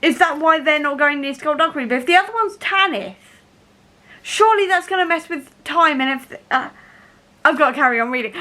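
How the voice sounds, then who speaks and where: A young woman chats to her camera at home, her voice high and bright. She rambles excitedly, full of fillers and restarts, like a fan mid-read. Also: brisk. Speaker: book vlogger. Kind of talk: casual reading vlog. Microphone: camera mic.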